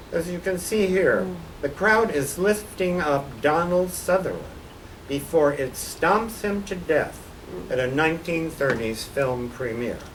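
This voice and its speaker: A man's voice: a little high, fairly bright tone. An older man, a guest artist, gives a slide-show lecture about his posters with dry, wry humor. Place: college lecture hall. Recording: distant mic with faint background noise.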